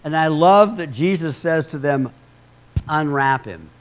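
Guy preaching, chatty and jokey, kinda high voice, stumbles and repeats himself. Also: moderate pace. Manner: conversational, humorous asides, repeats words. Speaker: pastor. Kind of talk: sermon.

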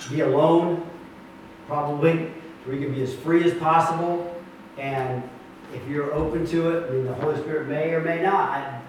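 Earnest pastor in an echoey room. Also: male voice, fairly high pitch, fairly even intonation, normal speed, a little mellow, slight background noise. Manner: earnest, emphatic, with many restarts. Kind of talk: teaching a church group. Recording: echoey room, mic far off.

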